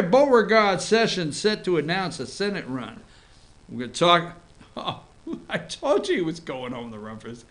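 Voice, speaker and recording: Excitable morning show host. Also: male voice, mid-range voice, a little fast, vocal fry. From North Georgia. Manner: excitable, rambling, emphatic. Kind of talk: live online morning show talk.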